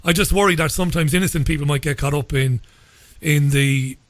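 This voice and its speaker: Measured male radio host. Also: a little high, a bit bright, no echo. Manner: measured, repeats words when starting a sentence. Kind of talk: radio interview.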